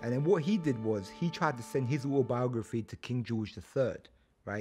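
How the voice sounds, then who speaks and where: Animated man telling a story. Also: mid-range voice, fairly quick, faint music behind. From England. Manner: animated slangy, acts out characters. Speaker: comedian storyteller. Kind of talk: tipsy comic storytelling.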